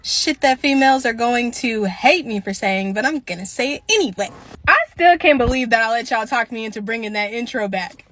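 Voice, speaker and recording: A woman's voice: on the high side, animated, fairly quick, fairly bright tone. A woman hosting a reaction commentary, talking bluntly and lecturing her viewers with sass. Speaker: commentary channel host.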